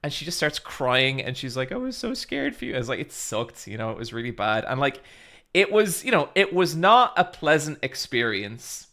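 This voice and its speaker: A man hosting a stream, telling a personal story in a rambling, animated way with lots of filler words and swearing. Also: medium pitch, normal speed. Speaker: streamer host. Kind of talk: casual storytelling chat.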